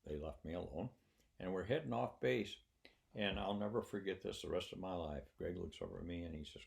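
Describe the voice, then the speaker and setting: Low-voiced ex-officer storyteller, plainspoken, measured, quiet when moved. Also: male voice, creaky. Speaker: retired military officer telling a story. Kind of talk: personal storytelling.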